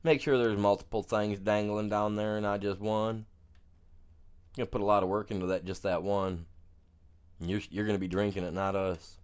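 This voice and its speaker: Male streamer with a lowish voice, loose and joking, talking to viewers through gameplay. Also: fairly even intonation, normal speed, clear, resonant tone. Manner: rambling and jokey, says "man" constantly. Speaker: game streamer. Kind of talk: casual gameplay commentary.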